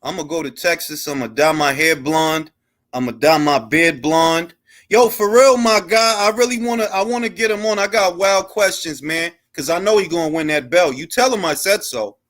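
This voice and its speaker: High-voiced man in slangy boxing banter. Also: normal speed, a bit bright. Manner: loose, joking, slangy banter. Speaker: boxing talk show host. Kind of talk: casual live-stream chat.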